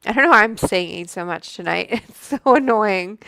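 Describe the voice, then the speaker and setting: A woman's voice: medium pitch, expressive, moderate pace, creaky, few pauses, pushed and bright, no room sound. A woman hosting a casual livestream from home, chatting in a rambling way, reading out viewer names and swearing freely into a studio microphone. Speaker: livestream host. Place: room at home.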